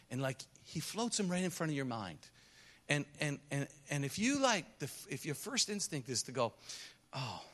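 On a lit church stage, a missionary pastor with a slightly high male voice gives a sermon testimony to his congregation. He tells stories in an animated way, acting out the voices of the people in them.

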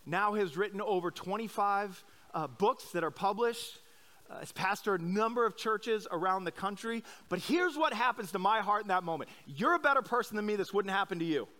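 Middle-aged pastor guy from iowa, highish voice, bright, chatty sermon full of likes and restarts. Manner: candid, self-deprecating. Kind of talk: conversational sermon. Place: church service.

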